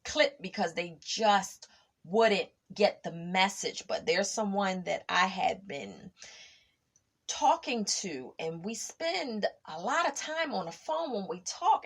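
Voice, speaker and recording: Animated woman hosting a faith podcast. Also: mid-range voice, husky. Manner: animated and emphatic, acting out past conversations. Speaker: podcast host. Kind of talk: casual faith podcast monologue.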